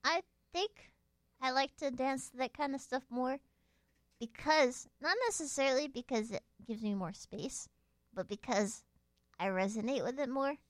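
A woman's voice: high-pitched, normal speed, dry recording, studio quality. A woman in casual chat, rambling with many fillers and laughing often. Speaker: guest dancer.

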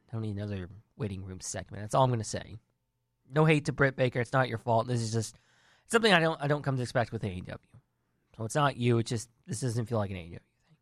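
A man's voice: mid-range voice, dry recording, clean studio sound. A man giving casual wrestling news and opinions, earnest and rambling, often restarting his sentences. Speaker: wrestling commentary vlogger.

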